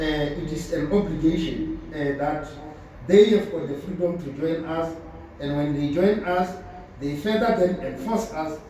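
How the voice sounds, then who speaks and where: A trade union official giving a slide presentation at a conference, speaking deliberately and urging his listeners, whom he keeps calling comrade. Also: on the high side, dark tone. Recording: very echoey, distant mic, faint noise.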